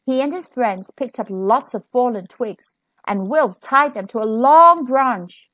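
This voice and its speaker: A woman reading a children's storybook aloud in an expressive, animated way. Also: fairly high pitch, a little slow, no room sound.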